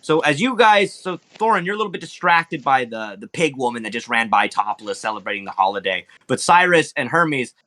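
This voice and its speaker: Bright-voiced young man narrating a game. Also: mid-range voice, very animated, brisk, few pauses. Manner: rambling, filler-heavy, laughing. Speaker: dungeon master.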